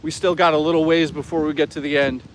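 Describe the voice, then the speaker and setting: A man's voice: on the high side, little pitch movement, fast, slight background noise. A man live-streaming outdoors, chatting casually, swearing freely and reading out chat. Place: outdoors on an urban trail.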